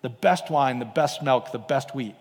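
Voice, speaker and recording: A man's voice: mid-range voice, moderate pace, a little mellow, long reverb tail. A man preaching a sermon in a casual, conversational way, often checking in with his listeners by asking them questions. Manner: conversational, asks the congregation frequent questions.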